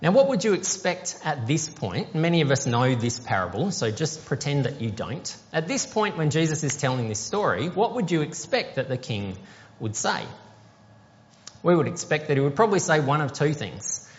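Male pastor, conversational sermon; slightly high voice, long hall reverb. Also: very animated, normal speed, highs cut off. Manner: conversational, explanatory preaching with rhetorical questions.

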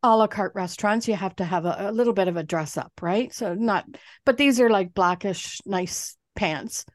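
A woman's voice: mid-range voice, normal speed, dry recording, clean studio sound. A woman co-hosting a podcast, telling a story in casual chat, swearing and mimicking the people in it. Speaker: podcast co-host.

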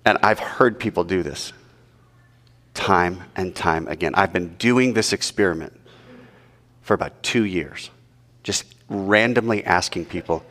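A man preaching in an animated, rhetorical way and asking the audience questions. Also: low voice, measured pace, pauses often, long reverb tail. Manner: animated, rhetorical, mock-quoting. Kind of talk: sermon.

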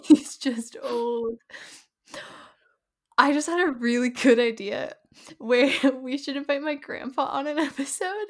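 Young woman cohost, higher voice, giggles a lot, super casual chat. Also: normal speed. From New Jersey family roots. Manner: giggly, laughs often. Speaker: podcast co-host.

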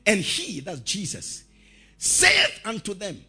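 A male preacher giving a lively sermon, telling stories, shouting out quotes and laughing as he goes. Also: high voice, slow pace, long pauses, slightly rough.

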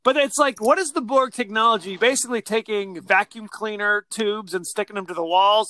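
A man co-hosting a podcast, chatting casually about a film and acting out scenes in quick mock voices. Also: sits high, pushed and bright. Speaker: podcast co-host. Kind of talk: casual movie discussion.

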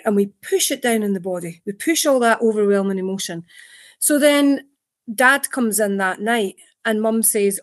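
A woman therapist talks through her ideas in an interview, with lively storytelling and acted-out quotes. Her voice sits a little high, and the close recording is dry with no room echo. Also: moderate pace. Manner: animated storytelling, acts out quotes, many restarts. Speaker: trauma therapist. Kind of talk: interview, explaining at length.

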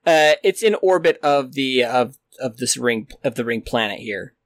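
A man running a sci-fi tabletop game as game master, describing scenes in a relaxed, hesitant way. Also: mid-range voice, moderate pace, no room sound, studio quality.

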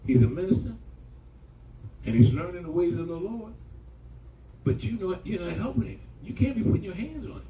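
A male pastor preaching a sermon, telling stories in a colloquial, animated way and calling out to the congregation. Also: high voice, a little fast, long pauses, slight background noise. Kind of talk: sermon storytelling. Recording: echoey room from far off.

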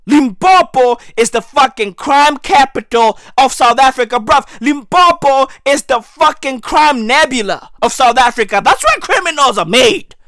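A man delivering a profane comedic rant to camera, slangy and repetitive, with sudden loud outbursts. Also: extremely high pitch, animated, unhurried, hardly any pauses, no room sound, clean studio sound. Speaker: comedic ranter.

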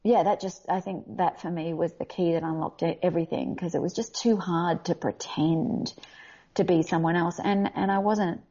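Australian actress, husky and gravelly, candid and animated, recorded on dull lo-fi audio. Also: female voice, fairly low pitch. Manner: candid, animated, quick to laugh. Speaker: voice actor guest. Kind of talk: casual interview talk.

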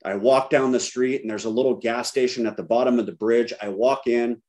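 A man's voice: medium pitch, fairly even intonation, fairly quick, darkish tone. A middle-aged man giving a candid personal recovery talk to a group, telling his story with self-deprecating humor. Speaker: recovery speaker.

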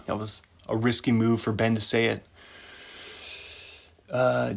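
A man's voice: medium pitch, little pitch movement, unhurried, vocal fry, pushed and bright. A man hosting a casual solo podcast, rambling, giggling often and poking fun at himself. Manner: giggly, rambling, self-mocking. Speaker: podcast host.

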